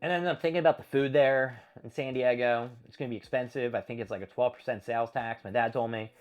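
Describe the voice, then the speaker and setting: A man's voice: mid-range voice, fairly even intonation, quick pace, dull audio, faint music behind. A man hosting a solo show, venting in a profane, exasperated rant. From Philadelphia area. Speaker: podcast host. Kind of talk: ranting solo monologue.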